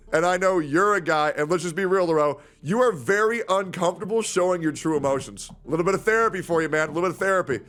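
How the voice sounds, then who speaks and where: A young man streaming in casual chat, animated and swearing freely. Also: high voice, fast talker. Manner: animated, swearing, jumps into impressions.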